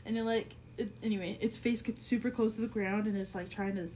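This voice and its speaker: A woman's voice: mid-range voice, steady tone, fast, mellow. A woman narrating a tabletop game as game master, giggly and full of fillers.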